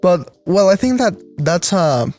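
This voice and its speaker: A young man from Mexico with a Mexican accent, chatting on a podcast in English, often pausing to search for words. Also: high voice, very animated, a little mellow, faint music behind. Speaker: podcast co-host. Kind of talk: casual podcast chat.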